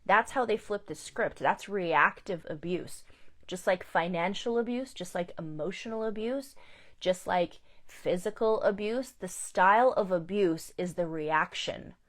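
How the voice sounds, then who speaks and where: A woman's voice: on the low side, measured pace, fairly bright tone. A woman life coach giving a candid, emphatic live talk, repeating her key points. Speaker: life coach and survivor advocate.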